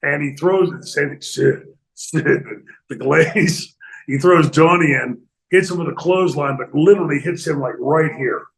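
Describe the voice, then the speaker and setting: A middle-aged man casually telling stories in a studio interview, animated and laughing often, acting out other people's lines. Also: fairly high pitch, moderate pace, vocal fry, rough recording. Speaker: retired pro wrestler guest telling stories. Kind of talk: casual storytelling in a podcast interview.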